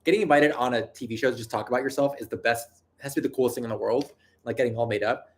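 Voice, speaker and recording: A man's voice: mid-range voice, rapid-fire. A man with a nasal voice hosting a casual livestream, answering viewer questions in a rambling, self-deprecating way. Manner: self-deprecating, rambling, with frequent restarts and laughter. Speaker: video creator and livestream host.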